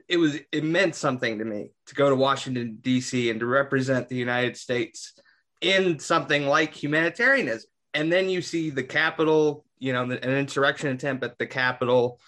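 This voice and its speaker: Podcast co-host, male, mid-pitched, reflective storyteller with fillers. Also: a bit bright. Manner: reflective, tells stories with fillers. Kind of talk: casual podcast chat.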